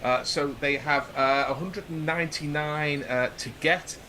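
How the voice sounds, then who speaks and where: A man's voice: a little high, steady tone, measured pace, pushed and bright, a little hiss or hum. A man chatting on a cricket broadcast in a rambling, conversational way. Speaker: cricket commentator. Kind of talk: casual commentary chat.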